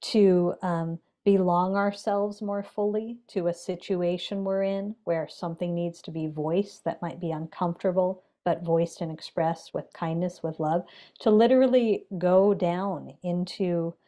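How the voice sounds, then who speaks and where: A woman who is a meditation teacher, speaking as a podcast guest in a measured, gentle, reflective way with pauses and fillers. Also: fairly low pitch, steady tone.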